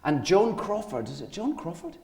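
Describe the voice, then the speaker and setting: Lively Scottish man telling stories. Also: sits high, normal speed, roomy sound. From Scotland. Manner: animated rambling anecdotes with laughter. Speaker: guest actor. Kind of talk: on-stage interview storytelling. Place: theatre stage before a live audience.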